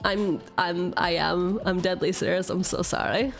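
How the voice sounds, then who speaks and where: A woman streaming a card pack opening with profane, sarcastic, animated casual chat. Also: fairly low pitch, normal speed, few pauses, soft background music. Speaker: vtuber opening card packs.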